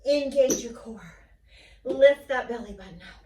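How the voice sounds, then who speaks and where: Woman fitness coach, high voice, calm unhurried delivery, roomy basement sound with faint background hum. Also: recorded from a distance. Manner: encouraging, counts down and cheers. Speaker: fitness instructor. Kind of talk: coaching a workout class. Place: basement at home. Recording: roomy echo, voice a bit off-mic.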